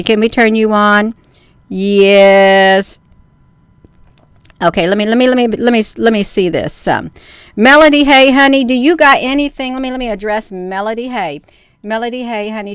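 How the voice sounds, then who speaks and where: A woman chats through a casual livestream, reading news aloud and commenting on it as she goes. Her voice is smooth and resonant at a middling pitch. The sound is close and dry, with no room around it. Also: dry recording. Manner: chatty, keeps addressing viewers as "you all". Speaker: livestream host.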